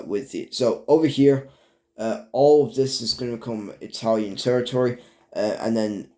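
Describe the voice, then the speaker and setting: A man narrating a strategy game, halting, with many fillers and restarts. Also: mid-range voice. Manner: stumbles over words. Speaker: video narrator. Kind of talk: casual game commentary.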